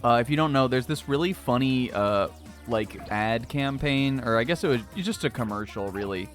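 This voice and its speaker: A man's voice: mid-range voice, expressive, normal speed. A man streaming a video game in a casual, rambling way, swearing often and laughing a lot. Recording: faint game music behind.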